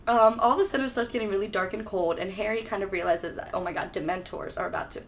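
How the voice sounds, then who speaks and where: A woman's voice: medium pitch, fast talker, a little hiss or hum. Breezy, sarcastic young woman podcaster. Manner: breezy, sarcastic, swears freely. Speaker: podcast co-host. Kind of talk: casual book-discussion chat.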